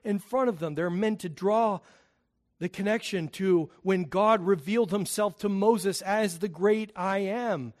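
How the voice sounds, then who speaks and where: Man, preacher, sermon, high-pitched, unhurried delivery, emphatic swells and quiet drops. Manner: emphatic, swells loud on key phrases then drops low.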